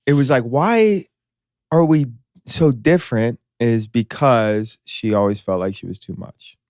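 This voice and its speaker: Animated male comedian telling stories. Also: mid-range voice, a little slow, no echo, studio quality. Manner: animated storyteller, acts out voices, swears freely. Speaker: comedian guest. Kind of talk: casual chat.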